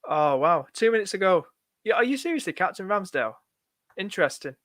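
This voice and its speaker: Male streamer, high voice, dry close sound, chatty and rushed. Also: no echo. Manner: excitable, rushed, repeats himself, says "mate" a lot. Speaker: fantasy football streamer. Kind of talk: live stream chat answering viewer questions.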